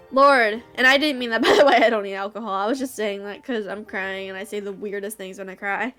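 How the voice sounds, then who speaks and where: A woman's voice: mid-range voice, expressive, normal speed, fairly bright tone, faint music behind. A young woman reading a visual novel aloud on her channel, reacting emotionally and gushing between passages. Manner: emotional, gushing, laughs and near tears.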